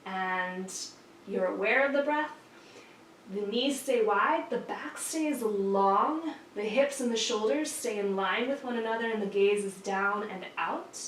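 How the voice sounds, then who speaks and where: A woman yoga teacher calmly cueing poses and then telling an old myth as a story. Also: medium pitch, echoey room, distant mic, slight background noise, poor audio. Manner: calm, slow cueing of poses.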